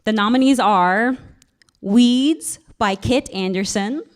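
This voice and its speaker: Slow, laughing woman presenting an award. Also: on the high side, a little hiss or hum. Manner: laughing, stumbles over names. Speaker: keynote speaker presenting an award. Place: stage at a live event.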